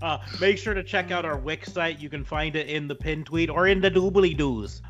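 A man's voice: on the high side, moderate pace, fairly bright tone, faint music behind. A man from Nebraska co-hosting a podcast, joking through casual banter and tossing in folksy catchphrases. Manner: jokey, playfully slips into mock folksy catchphrases. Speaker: podcast co-host.

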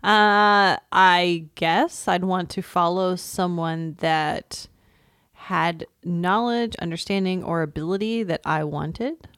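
A woman's voice: on the low side, takes it slowly, a bit bright, smooth, no room sound. A woman co-hosting a casual faith podcast, thoughtful, with dry humor and easy laughter. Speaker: podcast co-host.

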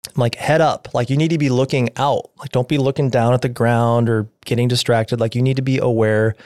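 A man co-hosting a podcast, talking in a relaxed, conversational way that is peppered with "like". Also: mid-range voice, fairly quick, dry recording, clean studio sound. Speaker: podcast co-host. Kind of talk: casual chat.

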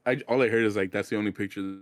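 A man co-hosting a casual podcast, chiming in with jokes and quick asides. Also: fairly low pitch, fairly even intonation, noisy background. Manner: joking, chimes in with quips. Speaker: podcast co-host. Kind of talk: casual chat.

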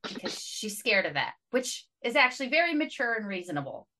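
A woman's voice: fairly high pitch, big pitch swings, brisk, pushed and bright. A woman co-hosting a podcast about a TV series. She chats about episodes with enthusiasm and laughs often. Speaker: podcast co-host. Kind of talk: casual pop-culture recap chat.

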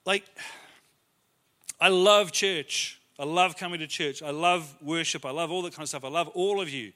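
A male pastor preaches in a church, his voice high for a man and very bright. He tells stories in a loose, conversational way, poking fun at himself as he goes. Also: fast. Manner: storytelling, conversational and self-deprecating. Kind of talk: sermon.

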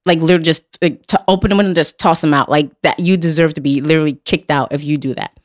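A woman's voice: deep voice, steady tone, very fast. A young adult woman hosting a podcast, talking bluntly and emphatically, repeating her points and swearing freely. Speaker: podcast host. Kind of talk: casual chat.

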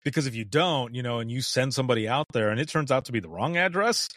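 Speaking fast in a mid-range voice, this middle-aged Southwest Michigan man, once a 911 dispatcher, shares stories in casual conversation. He's animated, laughs a lot and performs the voices of the people involved; the studio-quality audio has no room sound.

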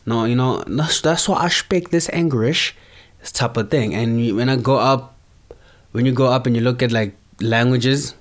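Young male podcaster from South Africa; loose, slangy, animated monologue. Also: medium pitch, normal speed. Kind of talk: casual monologue.

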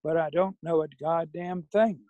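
A middle-aged man, a podcast guest, talking about recovery in a measured, folksy way. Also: a little high, fairly even intonation, no room sound, phone-quality sound. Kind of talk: reflective recovery conversation.

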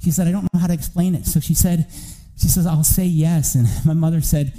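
Bright high-voiced man preaching. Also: brisk, poor audio. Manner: storytelling, animated, rising to near-shouting. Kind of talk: sermon testimony.

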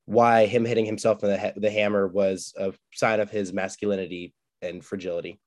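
A man's voice: fairly low pitch, level tone, brisk, darkish tone. A man co-hosting a podcast in casual chat, wry and teasing, with some casual swearing. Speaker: podcast co-host.

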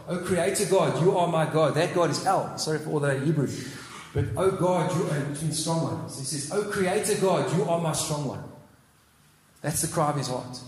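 A man's voice: on the high side, slight background noise. A man preaching a sermon, earnest and repeating phrases, with fervent rises when he cries out scripture. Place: church hall. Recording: echoey hall with long reverb.

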